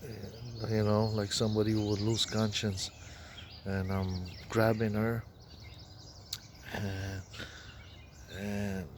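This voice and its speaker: Halting low-voiced man recounting a dream. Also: noisy background. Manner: halting, many restarts and fillers. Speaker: dream narrator. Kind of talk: rambling personal account.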